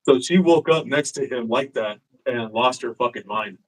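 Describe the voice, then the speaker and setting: A medium-pitched man speaks at a moderate pace on a rough recording. Telling a story as a guest in a casual live-streamed chat, he swears freely, stays animated, and performs the quotes.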